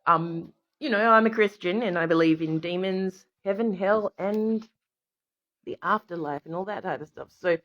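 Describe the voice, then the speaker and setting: A woman, talking casually on a livestream in a rambling, animated way and laughing often. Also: lowish voice, normal speed. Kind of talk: casual live stream monologue. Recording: dull lo-fi audio.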